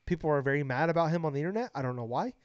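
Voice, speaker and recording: A young man co-hosting a casual podcast, gushing and excitable, swearing freely. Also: fairly high pitch, rapid-fire. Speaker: podcast co-host. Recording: dry, dull lo-fi podcast mic.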